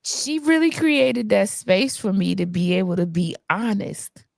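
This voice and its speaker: A woman's voice: medium pitch, animated, unhurried, creaky, a little mellow, dry recording, clean studio sound. A woman co-hosting a casual livestream chat, telling candid personal stories and laughing often. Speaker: co-host and producer.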